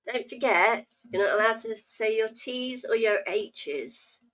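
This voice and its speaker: A woman's voice: on the high side, animated, measured pace, a bit bright. An Englishwoman hosting a livestream, chatting casually and teasing playfully with slang. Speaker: livestream host.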